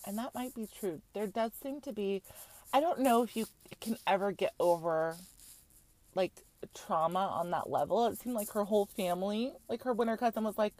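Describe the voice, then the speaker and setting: A woman's voice: medium pitch, expressive, moderate pace, a little mellow, no echo. Frank, chatty woman host with a dry close sound. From Utah. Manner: chatty and frank, full of fillers and swearing. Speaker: podcast host recapping a reality show. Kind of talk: casual chat.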